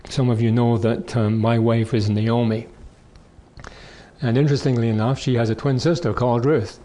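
A middle-aged male pastor reading scripture aloud in a sermon, slow and measured in the readings and chatty in the asides. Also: medium pitch, steady tone, warm tone. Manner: reads scripture slowly, chats between passages.

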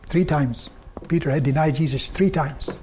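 An older man preaching a sermon, telling personal stories earnestly and quoting others in a softer, lower tone. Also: normal speed, a little hiss or hum. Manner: earnest storytelling, quoting God and people in softer lower tones.

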